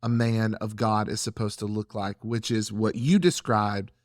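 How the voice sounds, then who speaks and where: A man hosting a faith-based discussion, speaking in an earnest, measured and reflective way. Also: lowish voice, level tone, no echo, clean studio sound. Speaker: church podcast host.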